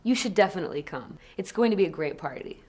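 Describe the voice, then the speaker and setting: A woman's voice: fairly low pitch, lively intonation, fast talker, darkish tone. A woman acting in a scripted learner dialogue as a chatty office worker who laughs easily. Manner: upbeat, chatty, laughs often. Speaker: office worker in a lesson video.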